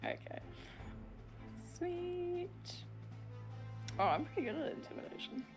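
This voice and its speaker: Slow, hesitant woman player. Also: lowish voice, lively intonation, music in the background. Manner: hesitant, many "um" and "like" fillers. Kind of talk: casual tabletop play.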